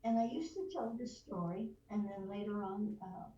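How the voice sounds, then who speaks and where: An older veteran voice actress, a podcast guest, telling lively anecdotes and slipping into voices. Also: female voice, medium pitch, normal speed, muffled recording. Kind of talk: storytelling in a podcast interview. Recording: roomy distant mic, faint noise.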